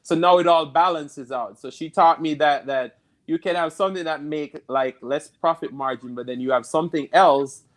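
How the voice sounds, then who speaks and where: A man with a Jamaican accent talks through his stories in an easy, conversational way. His voice sits a little on the high side, and he breaks into laughter readily. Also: moderate pace. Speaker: guest. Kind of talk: casual interview chat.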